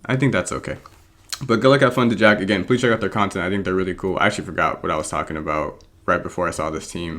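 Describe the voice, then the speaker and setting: This man, an English-born, American-raised draft league coach and video creator, speaks fast in a deep, somewhat bright voice with fairly even intonation. He chats casually during competitive gameplay, rambling with frequent ums and self-deprecating laughs.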